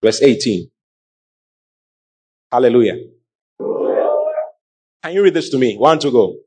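A middle-aged man preaching a sermon, calling out to the congregation in an animated way. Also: medium pitch, unhurried, breathy edge. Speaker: pastor.

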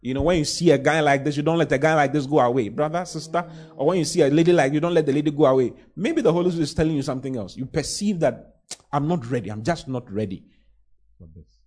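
A man preaching a sermon from the pulpit, his voice sitting a touch higher than most men's. He drives his points home with emphatic, rising exclamations and slips into playful mock voices. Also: very fast, darkish tone. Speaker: pastor.

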